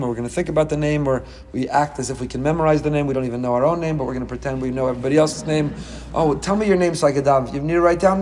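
A middle-aged man teaching a Torah class as a rabbi, dramatic and animated, with quick humorous asides. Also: mid-range voice, big-room sound.

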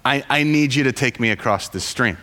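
A man voicing a smooth-talking magic king cobra who pleads and coaxes, in a storytelling voice with long reverb. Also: medium pitch, fairly quick, sharp tone, natural voice. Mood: coaxing. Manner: pleading, coaxing.

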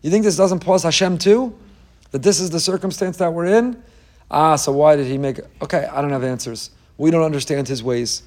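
A middle-aged rabbi giving a Torah class delivers a fervent sermon in a somewhat high-pitched, brisk, slightly mellow voice. He urges his listeners on, repeatedly posing rhetorical questions and weaving in Hebrew quotations.

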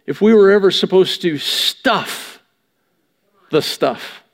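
High-voiced man preaching in a reverberant hall. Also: lively intonation, takes it slowly. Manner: preaching with rhetorical questions. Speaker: pastor. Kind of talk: sermon. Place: church sanctuary.

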